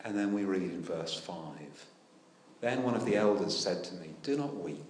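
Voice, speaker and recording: Preacher with a roomy echo. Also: male voice, low voice, normal speed. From United Kingdom. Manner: animated, rhetorical questions with dry humour. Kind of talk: sermon. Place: church.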